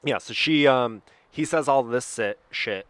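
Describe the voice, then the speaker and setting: A man's voice: medium pitch, a little slow, a bit bright, no room sound. A man co-hosting a casual podcast at home, speaking frankly and profanely while retelling movie scenes with dramatic quotes. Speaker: podcast co-host. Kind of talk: casual chat.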